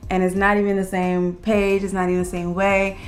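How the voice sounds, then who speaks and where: A woman co-hosting a casual chat who gives relationship advice in an earnest, step-by-step way, slowing down on key words. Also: medium pitch, level tone. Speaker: co-host of a couples channel.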